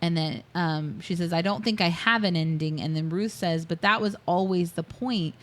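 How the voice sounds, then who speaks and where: A woman with a slightly low voice retells a film on a casual podcast. She piles up scene details, drops into quoted lines, and laughs easily between them. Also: normal speed. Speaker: podcast co-host. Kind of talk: casual movie recap chat.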